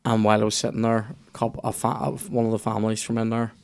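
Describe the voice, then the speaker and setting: A man's voice: on the low side, completely flat delivery, fast, clear, resonant tone. A man in casual comedy podcast chat, telling rambling, sweary anecdotes. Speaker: podcast guest.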